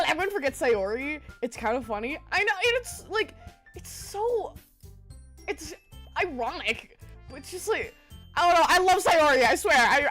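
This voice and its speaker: A woman's voice: high voice, fairly bright tone. A woman streamer in casual, giggly chat, greeting her viewers by name.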